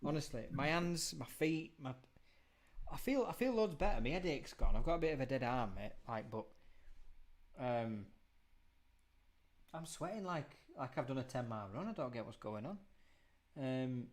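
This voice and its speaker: A man's voice: mid-range voice, animated, normal speed, long pauses. A man in his thirties hosting a casual chat over a video call, teasing his guests, laughing often and rambling through anecdotes. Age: 30s. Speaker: host.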